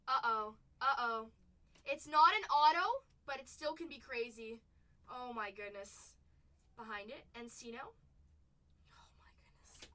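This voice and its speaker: High bright excitable woman streamer. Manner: excitable, exclaims often. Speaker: livestream card-break host. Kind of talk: live unboxing commentary. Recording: voice a bit far from the mic.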